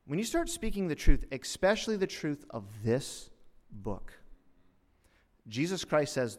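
A man preaching a sermon as a pastor, dramatic, swinging between hushed lines and loud outbursts, with mocking asides. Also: mid-range voice, animated, measured pace, long pauses, in a large hall.

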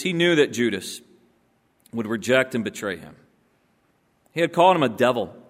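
A man preaching a sermon, swinging between loud emphatic passages and hushed, low-voiced moments. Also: in a large hall.

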